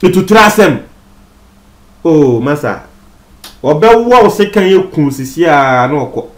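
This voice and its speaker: A man's voice: fairly high pitch, animated, unhurried. A man with a Ghanaian accent giving commentary on a news story as a TV presenter, mixing Twi with English and speaking straight to viewers. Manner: addresses viewers directly. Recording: roomy echo.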